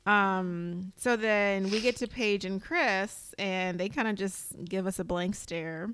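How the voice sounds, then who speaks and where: A woman's voice: mid-range voice, takes it slowly, fairly bright tone, slight background noise. A woman co-hosting a podcast, recapping in casual chat, chatty and full of fillers as she acts out quotes. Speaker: podcast co-host.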